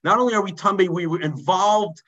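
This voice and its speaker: A man, a rabbi telling a story in a mussar sermon, dropping low and quiet for emphasis. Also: brisk, highs cut off. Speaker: rabbi teaching a mussar class.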